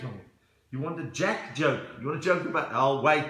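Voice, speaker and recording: A man's voice: fairly high pitch, moderate pace, a bit bright, roomy sound. A South African man doing a playful live-stream comedy chat from his home, reading comments and switching into accents. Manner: chatty, playful, slips in and out of accents. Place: room at home.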